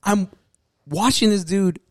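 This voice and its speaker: A young man tells a story in a high voice, laughing as he goes and acting out every quoted line. He swears freely. The sound is close and dry. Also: slow, dry recording. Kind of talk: casual storytelling.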